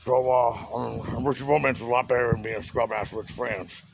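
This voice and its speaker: A man's voice: medium pitch, fairly even intonation, fairly quick, gravelly, crowd noise, low-quality recording. A man telling a personal story in a loose, casual way, with slang, swearing and lots of fillers. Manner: loose and profane, with street slang and many fillers.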